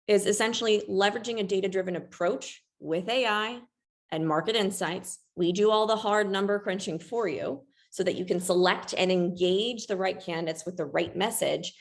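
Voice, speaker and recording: A woman presenting a webinar in a chatty, self-deprecating way, with a ready laugh. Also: medium pitch.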